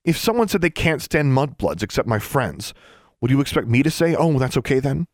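A man voicing an angry teenage witch girl, raising his voice in sharp, sarcastic retorts. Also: medium pitch, sing-song, racing, gravelly, husky, dry recording, studio quality, pitched above the performer's own voice, full character voice.

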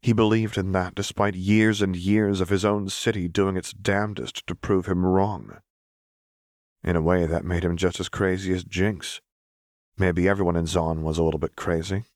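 A man reading a fan fiction audiobook in a very low, measured voice. The narration is steady and close, with a dry sound and no room echo.

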